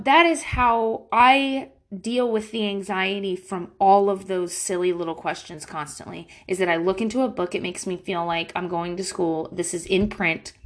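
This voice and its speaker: A woman and mother hosting a show, talking casually and candidly, swearing freely and joking, her voice swinging from high and bright to low and quiet. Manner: candid, profane, jokey. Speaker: podcast host, mother. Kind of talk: casual chat.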